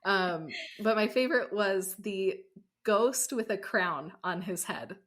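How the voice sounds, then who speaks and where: A woman's voice: mid-range voice, slow pace, fairly bright tone. A woman from Arizona co-hosting a film podcast, chatting casually and with enthusiasm. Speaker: podcast co-host. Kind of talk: casual chat.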